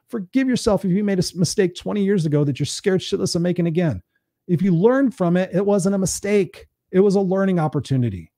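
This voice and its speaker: A man's voice: sits high, warm tone, no room sound, clean studio sound. A man hosting a live stream, giving a blunt, preachy motivational talk in a casual, conversational way and swearing freely.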